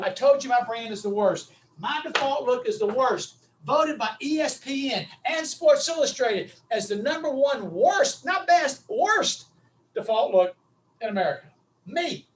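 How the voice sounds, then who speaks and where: A man's voice: very high-pitched, distant mic. A middle-aged man, coaching on public speaking in an emphatic, repetitive, punchy style over a video call. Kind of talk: animated coaching talk.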